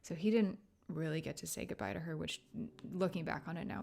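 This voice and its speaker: Soft-spoken woman with a gravelly low voice. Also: fairly even intonation, background noise. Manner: soft, halting and tearful, often dropping to a whisper. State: emotional, near tears. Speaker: podcast host and grief coach. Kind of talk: personal solo podcast monologue.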